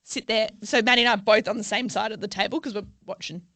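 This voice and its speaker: A woman's voice: medium pitch, quick pace, no room sound. A woman in her twenties with an Australian accent, co-hosting a casual podcast chat and telling stories with lots of laughter. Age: 20s. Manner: animated storytelling, laughing often. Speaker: podcast co-host.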